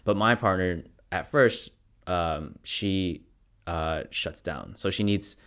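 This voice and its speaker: A man hosting a podcast, chatting in a relaxed way and laughing often. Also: deep voice, takes it slowly, smooth. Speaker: podcast host. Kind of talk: casual interview chat.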